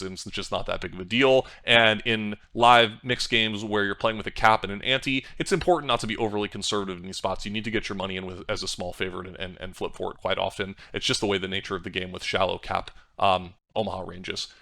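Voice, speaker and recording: A man's voice: on the low side, pushed and bright. A man reviewing poker hands as a coach, talking through analysis on screen and thinking aloud with small restarts. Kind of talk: screen-share hand review.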